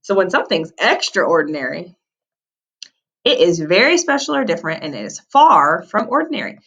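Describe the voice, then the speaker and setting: A woman's voice: on the low side, big pitch swings, normal speed, a bit bright, breathy edge. A woman teaching a vocabulary lesson to young children, stretching out key words for emphasis.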